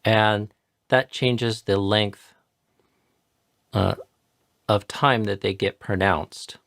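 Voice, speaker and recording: A man's voice: fairly low pitch, fairly even intonation, gravelly, fairly bright tone, no echo, studio quality. A man patiently explaining and modeling pronunciation in a live chanting tutorial. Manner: patient, explanatory, repeats words slowly to model sounds. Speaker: chanting teacher.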